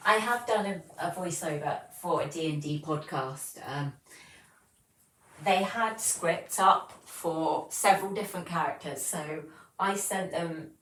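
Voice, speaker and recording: A woman's voice: fairly low pitch, fairly bright tone, echoey room, distant mic, poor audio. A woman, hosting a casual livestream and chatting as she reads viewer comments aloud. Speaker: livestream host.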